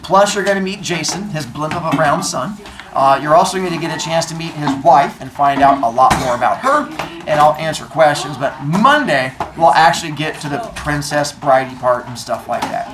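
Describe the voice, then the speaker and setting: A woman teacher reading a novel aloud to her class, expressive and animated, with joking asides. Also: deep voice, normal speed, reverberant, background noise.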